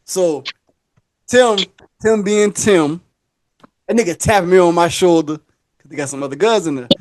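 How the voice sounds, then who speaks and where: A man's voice: high-pitched, measured pace, pauses often. A man hosting a podcast, telling a long story in casual chat and acting out the people in it. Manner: animated, acts out the people in his stories. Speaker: podcast host.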